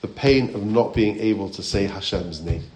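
A man's voice: lowish voice, moderate pace, darkish tone, a little hiss or hum. A rabbi giving a Torah class, asking his listeners questions and quoting Hebrew and Aramaic texts.

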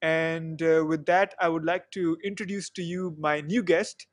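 A man's voice: on the high side, fairly even intonation, a little slow, dry recording, clean studio sound. A man hosting a podcast, introducing the episode and his guest in a chatty way, with many fillers and restarts. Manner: chatty, self-correcting, frequent fillers. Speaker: podcast host.

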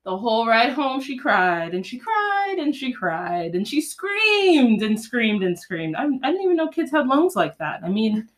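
A woman's voice: a little high, very animated, a little slow, few pauses. A young woman chatting casually as a podcast co-host. She tells stories animatedly, laughs often and slips into little acted voices for the people she quotes. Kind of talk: casual chat.

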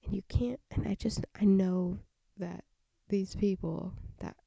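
A young woman in her twenties with a faint southern twang talks through a solo podcast on a home mic, her voice dark and full of fry. She drifts and restarts often, breathy and half-hushed, as if her voice is giving out. The sound is close and dry. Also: mid-range voice, steady tone, unhurried, no echo, dull audio. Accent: slight southern twang. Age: 20s. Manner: rambling, lots of fillers and restarts, soft breathy delivery. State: voice going out. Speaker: podcast host. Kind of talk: casual solo podcast rant. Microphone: home microphone.

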